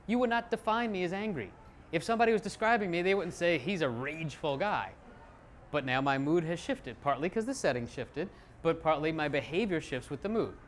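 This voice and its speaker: Lively man giving a self-mocking talk. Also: high-pitched, a little hiss or hum. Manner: lively, self-deprecating, acts out quotes. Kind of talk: live talk to an audience.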